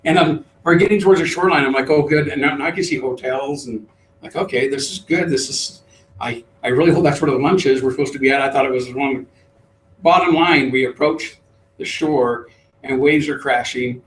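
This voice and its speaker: Animated man telling a story in a roomy hall. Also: medium pitch, fairly quick, a little hiss or hum. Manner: animated storyteller, acts out voices. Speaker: trainer. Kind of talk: storytelling talk to a live group. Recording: roomy, distant mic.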